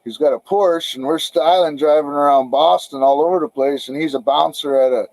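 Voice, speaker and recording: A man's voice: a little high, fairly quick, a little mellow, no room sound, rough recording. Profane rambling middle-aged man. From Canada. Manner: rambling, profane, frequent restarts. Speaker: podcast guest, musician. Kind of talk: casual storytelling interview.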